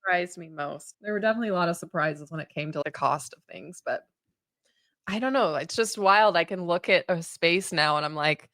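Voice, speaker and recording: Low-voiced supportive woman, dry sound. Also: a bit bright, no echo. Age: middle-aged. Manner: supportive, quick to laugh along. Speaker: podcast co-host. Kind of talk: casual chat.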